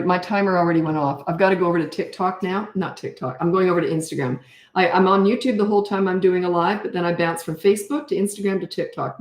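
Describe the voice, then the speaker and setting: A woman's voice: fairly low pitch, darkish tone. An older woman from Canada, a parenting coach chatting casually on a live stream and telling rambling stories with frequent laughs. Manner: chatty, rambling storyteller who laughs often. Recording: roomy echo.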